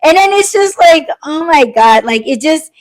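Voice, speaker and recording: A woman's voice: high voice, normal speed. A woman hosting a podcast in casual late-night chat, swearing freely and acting out the other side of conversations. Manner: profane, animated, acts out quoted exchanges. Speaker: podcast host.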